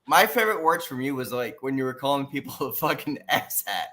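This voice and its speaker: A man co-hosting a casual talk show, animated and peppering his talk with dude and like. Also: mid-range voice, brisk. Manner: animated, says dude and like a lot. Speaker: podcast co-host. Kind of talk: casual chat.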